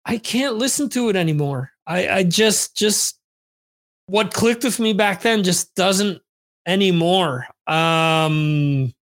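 A male podcast host, his voice high for a man and a bit bright, rambles slowly through his memories in a loose, unscripted monologue answering listener questions. He swears freely and often doubles back mid-sentence, recorded on camera for streamed video.

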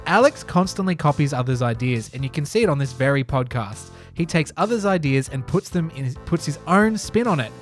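A male podcast host with a slightly high voice, reading out accusations in a mock-solemn, teasing way. Faint music runs quietly underneath. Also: animated, fairly quick, few pauses. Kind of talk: mock-formal quiz hosting.

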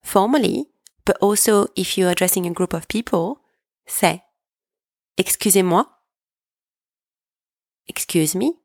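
A woman teaching a language lesson, speaking patiently and deliberately and pausing so learners can repeat each phrase. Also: medium pitch, a little mellow, no room sound, clean studio sound. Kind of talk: slow, clear language lesson with repeat-after-me drills.

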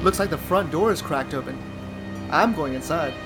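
A man's voice: a little high, music in the background, lightly acted. A man voicing a bold, impatient young man leading friends through a spooky house. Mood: brash. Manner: brash, hurried.

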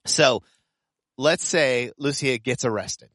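A man hosting a casual chat, asking questions and telling lively church stories. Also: medium pitch, slow, no echo. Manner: lively, asks questions, tells stories with laughter.

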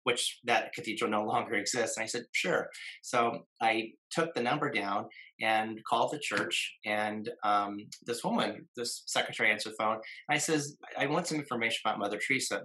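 A man in his fifties tells a personal story at length, halting often with fillers and starting phrases over. His voice sits a little low but sounds bright and forward. He slips into the voices of the people he quotes along the way. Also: low-quality recording. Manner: many fillers and restarts, acts out quoted voices. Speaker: guest. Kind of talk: casual storytelling in conversation.

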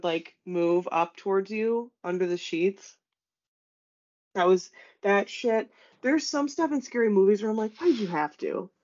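A young woman chats on a podcast, spinning animated stories full of "like" and quick asides. Her voice sits at an ordinary pitch. The audio sounds a little dull and lo-fi. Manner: chatty, animated storytelling with many fillers. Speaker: podcast co-host. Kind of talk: casual chat.

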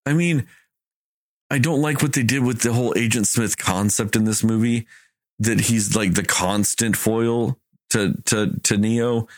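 A man's voice: medium pitch, measured pace, dry recording, studio quality. A man in casual chat, ranting in an exasperated way, swearing and acting out lines of dialogue. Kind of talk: casual movie review chat.

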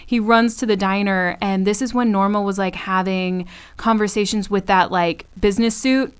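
Woman, podcast co-host, casual chat, smooth clear voice, profane animated recap. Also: mid-range voice, normal speed. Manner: animated, profane retelling with laughs.

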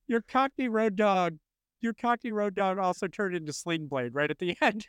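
A male podcast co-host chats casually, animated and laughing often. His voice sits high, and the recording is dry and close. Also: normal speed, clean tone, dry recording. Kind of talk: casual chat.

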